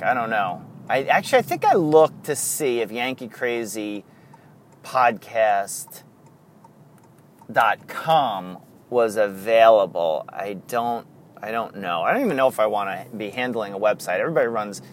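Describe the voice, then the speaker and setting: A man's voice: on the low side, a little hiss or hum. A man hosting a casual solo podcast, rambling, wandering off on tangents and chuckling often. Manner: chuckles often, many fillers. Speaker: podcast host.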